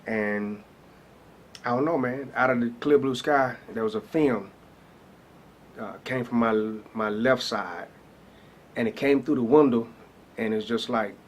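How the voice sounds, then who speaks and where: A man's voice: medium pitch, slight background noise. A man, a pastor telling his personal story in a loose, casual way with many fillers. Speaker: pastor and rapper.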